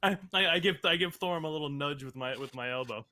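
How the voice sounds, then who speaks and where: A man's voice: fairly high pitch, pushed and bright. A man playing a tabletop game in character, talking in a hesitant, stammering way. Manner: hesitant, stammering, quick to laugh. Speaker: player.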